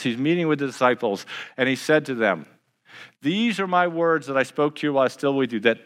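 A male pastor preaching a sermon in a relaxed, conversational way. He speeds up, then slows down and goes quiet. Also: fairly high pitch, big-room sound. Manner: conversational preaching, shifting from brisk to slow and hushed.

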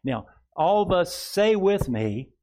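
A male pastor preaching a sermon, reading scripture aloud and leading the congregation in slow repeated declarations. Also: sits high, big pitch swings, dark tone. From rural upbringing. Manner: leads the congregation in slow call-and-response declarations; reads scripture aloud, then asks "Amen?" and "All right?".

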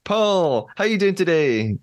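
A man's voice: sits high, sing-song, moderate pace. Upbeat podcast host, man. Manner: upbeat, laughs often. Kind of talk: casual interview chat.

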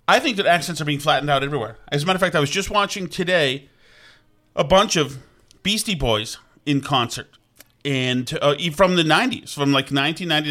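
A middle-aged man talks in a loose, rambling chat, circling back on himself with restarts and asides. His voice sits a touch high for a man and rings bright and forward. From Vermont. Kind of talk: casual chat.

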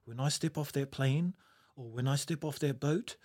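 Man, New Zealand accent, casual storytelling, reflective, laughs often, middle pitch. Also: normal speed, a little mellow, slightly rough. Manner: reflective, laughs often, uses Maori words.

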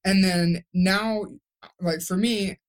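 This podcast guest, a young woman who had a stroke, speaks slowly with a medium pitch and a steady tone. Candid and emotional, she rambles and often restarts her thoughts in the interview.

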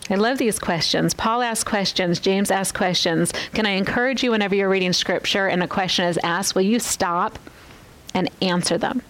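A woman's voice: medium pitch, moderate pace, a bit bright, low-quality recording. A woman giving an earnest Bible teaching on a podcast, often asking the listener questions.

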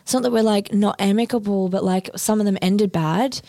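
A woman's voice: medium pitch, brisk, mellow, no room sound, studio quality. A woman, a podcast guest chatting casually and filling her talk with "like". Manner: chatty, heavy use of "like". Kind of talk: casual chat.

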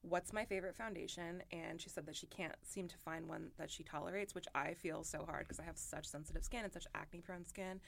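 A woman's voice: on the low side, a little fast, gravelly, few pauses. Chatty young woman talking beauty. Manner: chatty, animated, lots of fillers. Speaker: podcast co-host. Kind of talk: casual beauty chat.

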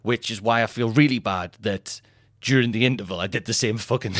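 A male comedian, telling a comic story in an animated, sweary way and laughing at his own tale. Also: lowish voice, brisk, no room sound, clean studio sound. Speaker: comedian podcast host.

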